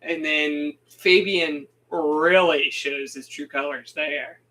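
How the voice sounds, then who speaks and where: A young man rambles through a casual game recap, animated and quick to laugh. His voice sits high and bright. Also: poor audio. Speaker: gaming video host.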